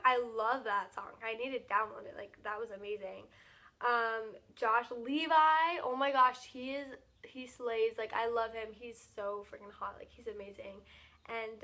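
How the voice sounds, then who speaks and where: A teenage girl gushes through a casual vlog recap, her voice bright and a little high. She rattles along quickly, stacking "like" and "um" between every thought. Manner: gushing, fast, filler-heavy with lots of "like". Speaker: vlogger.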